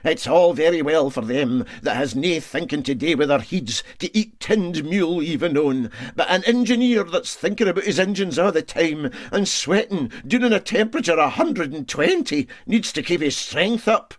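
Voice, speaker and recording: A man voicing an indignant middle-aged ship's engineer with a Scottish accent, talking emphatically in a raised, higher voice. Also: expressive, moderate pace, hardly any pauses, no room sound, studio quality, lightly acted.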